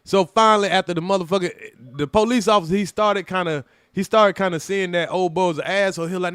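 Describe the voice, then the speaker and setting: A man, hosting a live stream and telling a profane, animated story in which he acts out every side. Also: high-pitched, fast, hardly any pauses, smooth, no echo, studio quality. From United States.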